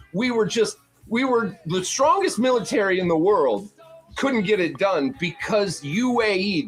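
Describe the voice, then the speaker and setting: Guy ranting on a stream, swears nonstop, sarcastic, kinda high voice, faint music behind. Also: fairly bright tone. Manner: sarcastic, swears constantly, mocks with put-on quotes. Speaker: panel host. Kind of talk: profane political rant on a livestream.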